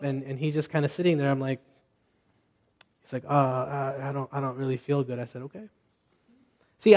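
Conversational male pastor preaching. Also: on the high side. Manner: conversational, storytelling, with restarts and asides. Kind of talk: sermon.

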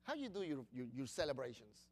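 A man preaching a sermon, swinging between loud bursts and quiet asides. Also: mid-range voice, big pitch swings, quick pace. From Latin America.

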